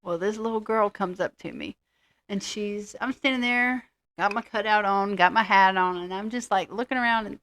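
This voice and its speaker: A woman's voice: medium pitch, moderate pace, a bit bright. A middle-aged woman co-hosting a casual chat, telling rambling, self-deprecating stories. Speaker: co-host.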